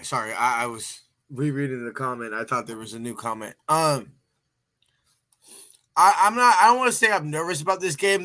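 A man's voice: mid-range voice, sharp tone. A man hosting a casual sports podcast, chatty and folksy, often restarting his sentences and sounding a bit tired. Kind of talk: casual sports talk show.

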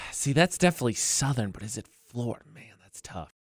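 A man co-hosting a casual radio show from a studio mic, playful and quick to laugh. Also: mid-range voice, lively intonation, dry recording. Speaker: radio co-host. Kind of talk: casual morning radio banter. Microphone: studio microphone.

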